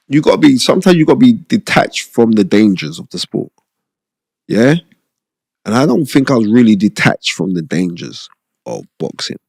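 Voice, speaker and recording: A middle-aged man hosting a podcast spins conversational tales from his boxing past, emphatic and lively, repeating himself and often checking "you know what I mean." He speaks at medium pitch with vocal fry, and the recording has no room sound.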